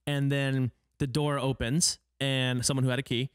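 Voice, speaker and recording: A man from Oregon, a podcast guest, telling stories in a casual chat, animated and full of fillers, acting out what people said. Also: medium pitch, normal speed, clear, resonant tone, no echo, studio quality. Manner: animated, many fillers, acts out quoted dialogue.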